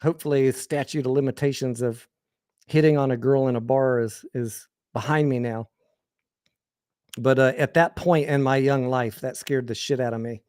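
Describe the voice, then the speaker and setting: A man's voice: medium pitch, fairly even intonation, normal speed, darkish tone, clean tone, dry recording, studio quality. Candid rambling American man telling stories. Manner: candid, rambling, crude anecdotes with frequent restarts. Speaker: host. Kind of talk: casual storytelling on a livestream.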